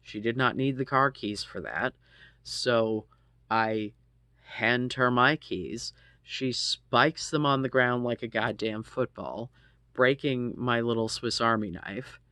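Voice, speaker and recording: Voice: medium pitch, slow, bright, forceful tone, dry recording. An adult in their thirties casually telling a personal story, rambling with lots of ums and asides and swearing freely.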